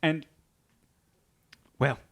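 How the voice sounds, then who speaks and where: A performer voicing a blunt, melodramatic small-town woman who sells tires in an improvised comedy. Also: extremely slow. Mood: awkward.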